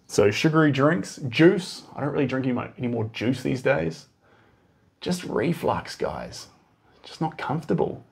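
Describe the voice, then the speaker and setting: A man in his thirties with a New Zealand accent talks casually while he paints, rambling from thought to thought. His voice sits in a middle pitch with an even, monotone drawl. He reads out viewer comments as they come in. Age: 30s. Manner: chatty and rambling, reading out viewer comments with laughs; self-described monotone drawl. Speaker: painter hosting a live stream. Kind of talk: casual live-stream chat while painting.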